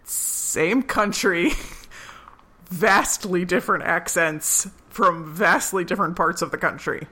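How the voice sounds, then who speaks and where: Bright-voiced chatty woman podcaster. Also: lowish voice. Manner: chatty, laughs often, quick asides. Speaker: podcast co-host. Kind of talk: casual chat.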